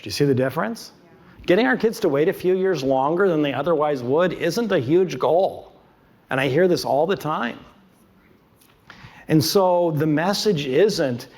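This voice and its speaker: A man presenting a curriculum to an audience. He talks emphatically, repeats his key points and asks rhetorical questions. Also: medium pitch. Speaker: conference speaker presenting a curriculum.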